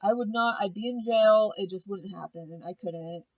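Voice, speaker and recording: A woman's voice: mid-range voice, normal speed, no room sound, muffled recording. A woman giving a blunt, profane, opinionated casual recap of a reality show.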